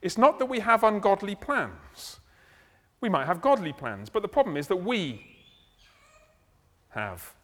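A man delivers a teaching sermon, breaking a passage down in plain, conversational talk with casual asides. His voice sits a little high for a man. The sound carries a long reverb, as in a large hall. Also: big pitch swings, measured pace, pauses often, a bit bright. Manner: conversational, explaining, slips into acted asides. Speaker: preacher. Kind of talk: expository sermon.

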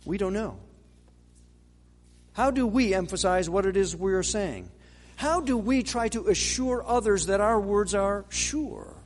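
Man, preacher, high-pitched, unhurried, rhetorical questions, long hall reverb. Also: lively intonation. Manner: measured, dramatic pauses, rhetorical questions. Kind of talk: sermon.

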